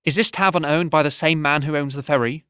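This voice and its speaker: A man's voice: on the high side, fairly even intonation, fast talker, pushed and bright, smooth, dry recording, studio quality. A man voicing a sick, weary teenage boy on the run, speaking in a faltering, strained way.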